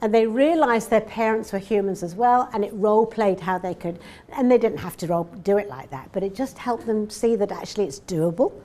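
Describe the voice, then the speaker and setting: A woman's voice: mid-range voice, fairly quick, hardly any pauses, dark tone. Chatty New woman presenter. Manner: chatty, anecdotal, acts out dialogues. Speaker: seminar presenter. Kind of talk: conversational teaching talk. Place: seminar room.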